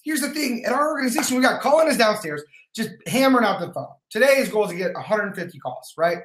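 His voice sits high and moves at a quick pace, with roomy acoustics and a little hiss or hum on the phone recording. He leads a sales team and is delivering a lively motivational livestream, repeating key points, casually cursing, and welcoming viewers by name.

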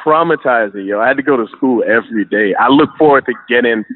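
A man's voice: medium pitch, quick pace. Man with a New York accent on a tinny line. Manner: profane, laid-back storytelling with slang. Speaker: guest. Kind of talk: casual interview.

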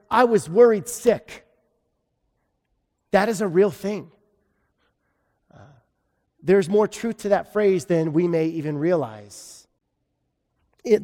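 A man's voice: a little high, mellow, big-room sound. A man preaching a sermon in a conversational way, with self-deprecating humor. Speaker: pastor.

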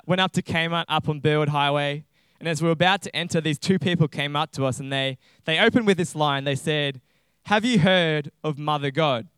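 A man's voice: fairly high pitch, fairly bright tone, clean tone, no echo. A young adult man with an Australian accent preaching a chatty sermon and reading a storybook aloud. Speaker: pastor.

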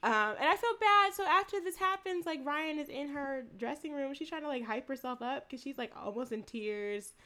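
Speaking at normal speed in a high voice with hardly any pauses, this co-host recaps a TV episode in casual conversation. She tells it animatedly, laughing often and swearing freely.

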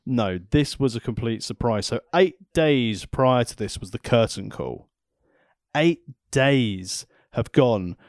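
Guy on a podcast filling in the backstory, deadpan jokes, mid pitch. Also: slow pace, no echo. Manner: explains background, dry jokes. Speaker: podcast co-host. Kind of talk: casual chat.

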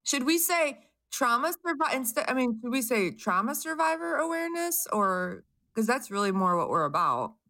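A woman co-hosting a podcast with her daughter in casual chat, brisk and encouraging, urging her to send a message. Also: high-pitched, very animated, bright, forceful tone. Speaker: podcast co-host, mother.

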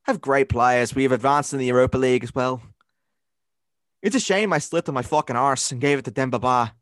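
A man co-hosting a casual sports podcast, chatting and breaking into loud commentator and accent impressions. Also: mid-range voice, a little fast, no echo, clean studio sound. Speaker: podcast co-host.

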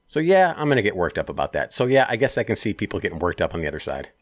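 A man's voice: on the low side, sing-song, rapid-fire, no room sound, studio quality. A man ranting heatedly and profanely in a casual chat.

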